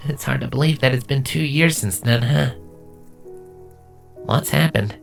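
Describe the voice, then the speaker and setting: A man's voice: medium pitch, measured pace, vocal fry, faint music behind, voice pushed up. A man reading a fanfiction aloud, voicing a shy, earnest young changeling boy. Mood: fond.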